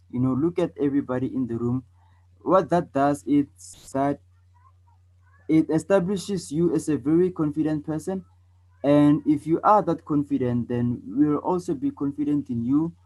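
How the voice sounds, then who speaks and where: In a voice a little on the high side, recorded roughly, a man from South Africa runs a debate lesson. He keeps circling back over his points and checking in with "okay?" and "all right", showing loud, soft, fast and slow ways of talking.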